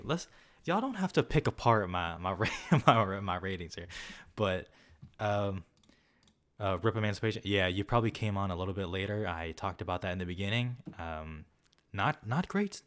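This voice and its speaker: A young man reviewing films in a casual, rambling way, peppered with filler words and swearing while he answers viewers. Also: lowish voice. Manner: rambling and loose, heavy use of filler words, swears freely. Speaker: film vlogger.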